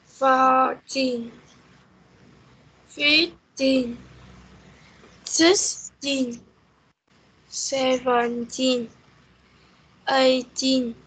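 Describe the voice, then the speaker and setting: A woman's voice: high voice, steady tone, very slow, pauses often, a bit bright, breathy edge, poor audio. A female student in an online English lesson, answering hesitantly and repeating words after her teacher over a video call.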